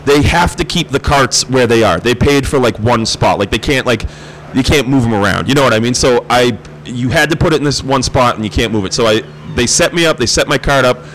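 A man's voice: mid-range voice, brisk, slight background noise, poor audio. A young man, swapping stories in casual, profane chat. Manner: profane, animated storyteller.

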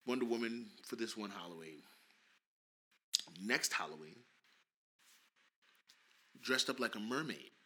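A man in his thirties co-hosting a casual podcast, animated and teasing, laughing often. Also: mid-range voice. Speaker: podcast co-host, father.

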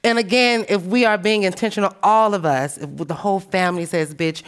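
A woman speaking on a panel, telling animated, emphatic stories in a frank, profane way and calling her listeners "baby". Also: mid-range voice, a little fast, smooth. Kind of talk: panel discussion talk.

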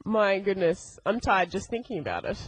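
A woman's voice: mid-range voice, animated, normal speed, breathy edge, dry recording, poor audio. A woman radio host in a casual interview, chatty and enthusiastic, laughing often.

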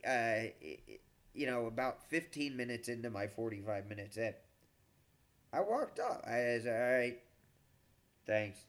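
A middle-aged man, a comedian, telling a long story in a casual, animated, profane way, with frequent stammered restarts. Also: mid-range voice.

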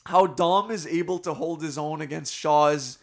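A man's voice: fairly high pitch, moderate pace. A man co-hosting a casual podcast, recapping movie scenes with eager enthusiasm and frequent laughter. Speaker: podcast co-host.

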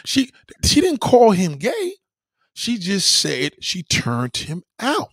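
A man casually telling a profane story to his followers, animated and slangy, often asking "you know what I mean". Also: high-pitched, takes it slowly, husky, dry recording, clean studio sound.

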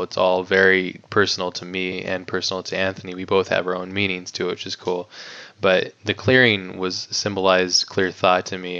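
Male guest, low gravelly voice, smooth and resonant underneath, loose chatty delivery with frequent fillers, dull lo-fi recording. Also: sharp tone. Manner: rambling, heavy on "like", swears casually. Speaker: guest filmmaker. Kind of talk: casual podcast interview. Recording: dull lo-fi audio.

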